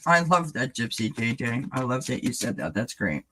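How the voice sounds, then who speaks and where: A man's voice: mid-range voice, very animated, moderate pace, bright, forceful tone, slight background noise. A man giving a casual live-stream tarot reading, chatting loosely and addressing viewers by name as he rambles and restarts thoughts. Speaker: tarot reader.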